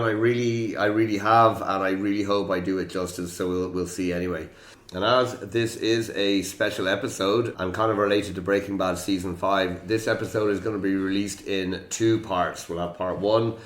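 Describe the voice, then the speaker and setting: Low-voiced Irish quiz host, echoey room. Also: male voice. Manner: chatty, joking, self-deprecating. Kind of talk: hosting a quiz podcast. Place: room in Prague.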